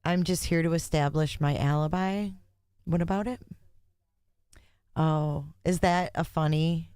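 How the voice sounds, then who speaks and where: A woman's voice: sits low, fairly even intonation, unhurried, darkish tone, smooth, no room sound, studio quality. A woman hosting a casual livestream, chatting and joking with her viewers between court sessions. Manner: chatty, joking, talks to chat. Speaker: livestream host.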